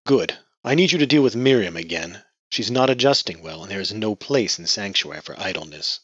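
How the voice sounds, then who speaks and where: A man's voice: lowish voice, lively intonation, a little fast, fairly bright tone, slightly rough, no echo, highs cut off. A man reading a stern, domineering patriarch who speaks with cold contempt. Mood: commanding. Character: stern domineering male cult patriarch, middle-aged.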